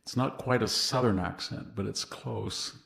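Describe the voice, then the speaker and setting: A man from California, speaking as a guest historian in a relaxed interview, winding through long anecdotes and chuckling at his own jokes. His voice sits low and carries a rough, gravelly edge. The recording has a roomy, echoey sound. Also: a little slow. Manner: rambling anecdotal storyteller, laughs at his own stories. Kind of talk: casual interview conversation.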